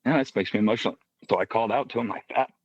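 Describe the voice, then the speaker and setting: Male podcast guest, deep voice, dry and slightly dull sound, thoughtful and halting delivery. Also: dry recording. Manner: halting, reflective, with many restarts and soft asides. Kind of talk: personal faith story in casual podcast conversation.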